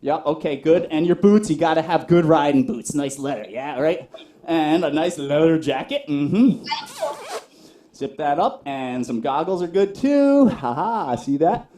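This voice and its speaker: Animated man hosting a kids' show. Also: on the high side, unhurried, slight background noise. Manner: animated and playful, addressing kids directly. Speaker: children's entertainer. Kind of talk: interactive children's show. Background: drum music.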